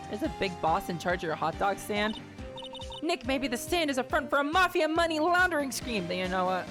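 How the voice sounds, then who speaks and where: A woman's voice: a little high, big pitch swings, fairly quick. A young adult woman streaming a game, chatting casually and playfully and reading the dialogue aloud. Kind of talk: casual playthrough commentary. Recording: game music behind.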